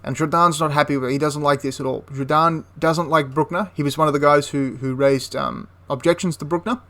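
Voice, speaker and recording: A man's voice: a little high, fairly even intonation, fairly quick, a bit bright. A young man casually retelling a wartime history story, chatty and prone to correcting himself mid-sentence. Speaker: history channel host.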